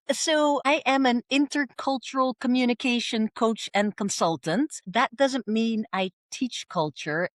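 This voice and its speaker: A woman, a communication coach speaking lively as a podcast guest. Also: fairly high pitch, no room sound, studio quality. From Netherlands. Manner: lively, acts out quoted voices. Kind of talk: podcast interview.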